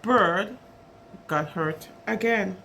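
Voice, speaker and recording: Extremely slowly, a woman reads a picture book aloud to preschoolers, stopping to chat animatedly about the pictures. She has a creaky, medium-pitched voice, and there's slight background noise.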